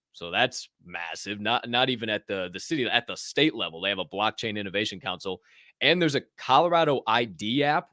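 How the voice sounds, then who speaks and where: Man, podcast host, animated, joking, ranting, mid-pitched, dry sound. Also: no room sound. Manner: animated, joking, swears and rants. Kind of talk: energetic news rundown.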